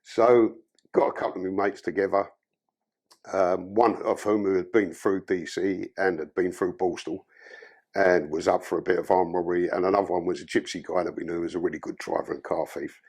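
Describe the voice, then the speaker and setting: A man's voice: sits low, steady tone, a little fast, a little mellow, husky. A man from London with a London accent, a podcast guest telling his life story in blunt, profane, casual talk.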